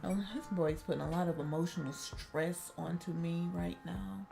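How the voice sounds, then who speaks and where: A young woman reading a story game aloud and breaking off into jokey, animated asides to the characters. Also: on the low side, moderate pace, vocal fry, faint music behind. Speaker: game streamer.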